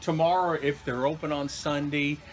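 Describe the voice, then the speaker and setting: A man's voice: fairly high pitch, flat delivery, normal speed, faint music behind. A middle-aged man co-hosting a casual wine show, agreeing readily and joking with his co-host. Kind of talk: casual chat.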